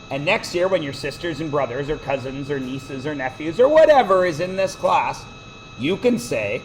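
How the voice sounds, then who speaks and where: A man teaching a math class, quizzing the students with quick questions and cracking jokes. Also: on the high side, lively intonation, slight background noise, rough recording. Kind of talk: classroom lecture.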